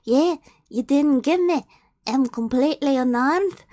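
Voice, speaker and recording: A woman putting on a loud, gloating male ogre. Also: sits high, measured pace, dry recording. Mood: mocking. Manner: mocking, gloating, menacing. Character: brutish taunting male ogre.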